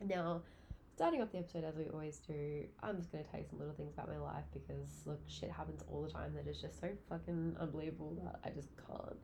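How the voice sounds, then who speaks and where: A woman's voice: sits low, fast, gravelly, a little hiss or hum. Swearing, chatty woman podcast host. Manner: chatty, swears freely, lively storytelling. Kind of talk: casual solo podcast chat.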